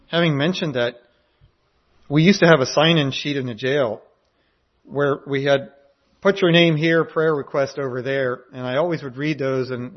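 A man who preaches in jail gives a conversational sermon, often repeating his words as he goes. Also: mid-range voice. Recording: dull lo-fi recording.

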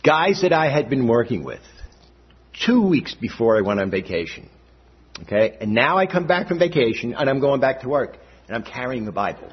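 A man's voice: mid-range voice, very animated, normal speed. An older man giving a personal testimony at a church gathering, talking conversationally and often checking in with "all right?". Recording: dull lo-fi recording.

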